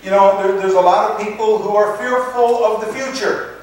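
A man preaching a sermon, earnest and halting, often repeating words and slowing to stress scripture. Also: sits high, fairly even intonation. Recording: echoey room from a distant mic with faint noise.

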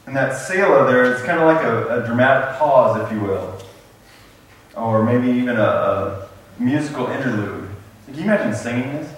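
A man's voice: mid-range voice, moderate pace. A man preaching a sermon as pastor, talking casually with fillers and reading scripture aloud. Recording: very echoey room, mic far off.

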